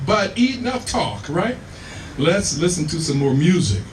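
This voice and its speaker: A man's voice: a little high, sing-song, noisy background. An American man from California, a musician giving an easygoing talk on music between songs, checking in with his audience as he goes. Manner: easygoing, unhurried, checks in with "right?". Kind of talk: lecture between songs at the piano. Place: live performance room. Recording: roomy sound from a distant mic. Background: piano playing.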